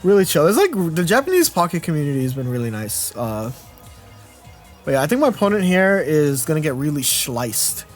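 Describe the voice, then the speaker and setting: A man's voice: on the high side, very animated, brisk, faint music behind. A young man in his twenties doing casual live-stream commentary on a card game. He rambles, restarts his sentences and answers chat as he goes. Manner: rambling, self-interrupting, chatty with viewers.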